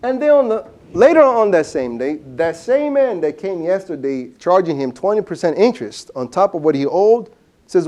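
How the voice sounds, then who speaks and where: A man's voice: sits high, big pitch swings, moderate pace, mellow. A man giving a seminar lecture, telling a story with lots of rhetorical questions. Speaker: seminar speaker.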